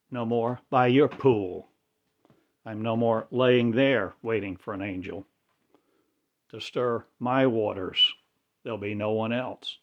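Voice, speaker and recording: A man's voice: on the low side, muffled recording. A man delivering a rambling religious monologue in cryptic, incantatory, broken phrases. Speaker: self-styled religious speaker.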